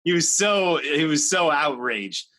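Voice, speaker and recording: Bright-voiced man in his fifties, chatty. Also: on the high side, expressive, unhurried. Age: 50s. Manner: chatty, anecdotal, with frequent fillers and restarts. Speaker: talk show host. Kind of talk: animated storytelling. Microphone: live stream microphone.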